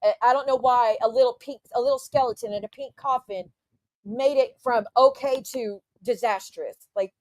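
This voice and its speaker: A woman's voice: fairly high pitch, normal speed, darkish tone, no room sound. Indignant, profane woman livestreamer. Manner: indignant, profane, talks straight to her chat. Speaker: YouTube livestreamer. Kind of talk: casual ranting livestream.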